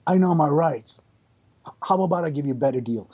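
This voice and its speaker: A man's voice: on the high side, a little fast, mellow, husky, dull audio. A man doing a comic impression of a laid-back male movie hero, drawling and defiant.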